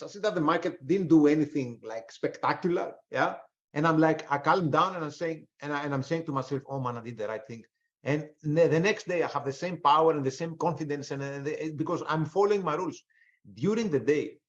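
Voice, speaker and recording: Rambling man giving a webinar talk. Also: fairly high pitch. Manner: rambling, frequent restarts and fillers. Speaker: webinar presenter, trader. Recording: slightly dull, lo-fi webinar audio.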